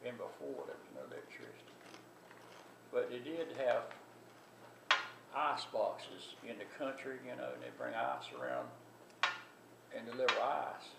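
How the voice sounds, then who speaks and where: A man's voice: mid-range voice, sing-song, measured pace, gravelly, long pauses. An older man telling a family story in a rambling, folksy way with many restarts. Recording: distant echoey recording with loud background noise.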